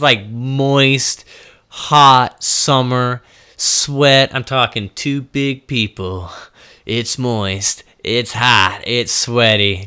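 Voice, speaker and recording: Animated young man telling a story. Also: mid-range voice, smooth. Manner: animated, swearing, laughing at his own story. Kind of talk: casual storytelling.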